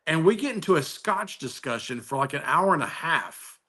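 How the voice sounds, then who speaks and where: Man, video call chat, enthusiastic storyteller, bright forceful tone, many restarts. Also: a little high, big pitch swings, normal speed. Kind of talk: casual chat.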